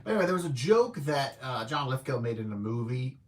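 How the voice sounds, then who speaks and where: Male host, casual film-review chat, meandering, self-correcting delivery, average pitch. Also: very animated, quick pace, slight background noise. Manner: rambling, self-correcting, thinking aloud. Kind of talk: casual livestream movie review.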